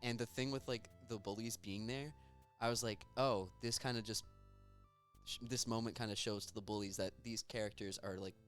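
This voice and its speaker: A man's voice: lowish voice, steady tone, brisk, a bit bright, faint music behind. A young adult man hosting a podcast, chatting casually and animatedly about films, joking and retelling scenes. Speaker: podcast host. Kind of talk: casual chat.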